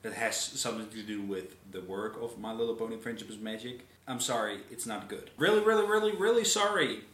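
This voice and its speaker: A man's voice: on the low side, fairly quick, a bit bright. A man hosting a casual commentary video, rambling, repeating words and often apologizing. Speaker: video host. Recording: echoey room.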